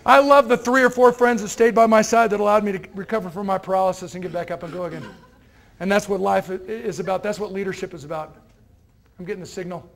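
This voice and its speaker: High, gravelly male motivational speaker. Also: fast talker. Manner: energetic and joking, tells anecdotes and acts out quotes. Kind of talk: motivational talk to university students. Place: university room with a live audience.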